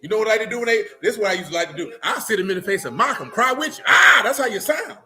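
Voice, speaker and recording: A middle-aged man preaching in loose talk, joking and mocking with loud bursts. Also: high-pitched, big pitch swings, rapid-fire. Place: church meeting room.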